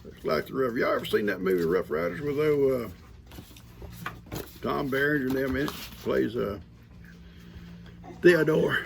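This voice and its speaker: A man's voice: on the high side, normal speed, gravelly, pauses often, background noise. An older man in casual chat, reading out viewer mail outdoors on a farm in a folksy, rambling way, breaking off to talk to his grandkids. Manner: folksy, rambling, talks to grandkids mid-sentence. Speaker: grandfather vlogger.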